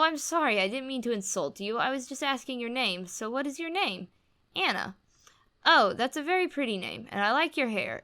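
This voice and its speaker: A nervous, fidgety young man stumbles through his questions with hesitant eagerness, as a woman reads him aloud. The voice rings bright and clean. It is a blog post read out loud. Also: fairly high pitch, exaggerated voice. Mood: nervous eager.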